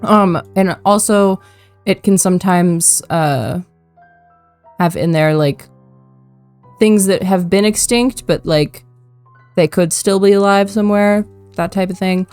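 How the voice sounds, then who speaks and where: A woman's voice: mid-range voice, slow, pauses often, a little mellow, smooth, no room sound, faint music behind. Giggly young woman hosting a podcast. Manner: giggly, with frequent ums. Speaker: podcast host. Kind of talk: casual podcast chat.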